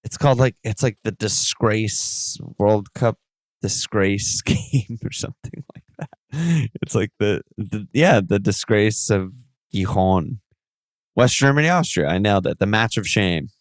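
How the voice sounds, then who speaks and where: A man hosting a podcast alone, talking in an excitable, rambling way and swearing often. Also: on the low side, measured pace, no echo. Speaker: podcast host. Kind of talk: solo casual podcast talk.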